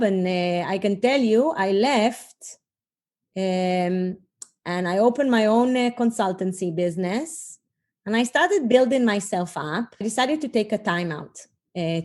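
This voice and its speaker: A middle-aged woman speaks as a podcast guest, reflective and earnest as she works through her own story. Her voice sits at an ordinary middle pitch and often pauses on small fillers while she gathers her thoughts. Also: darkish tone. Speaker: podcast guest, leadership coach. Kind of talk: conversational interview storytelling.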